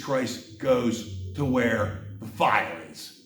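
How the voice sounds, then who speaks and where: A man hosting a heated monologue about religion, swinging from an impassioned rant to a quiet, apologetic tone. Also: mid-range voice, expressive, measured pace, long pauses, roomy sound, distant mic. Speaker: channel host.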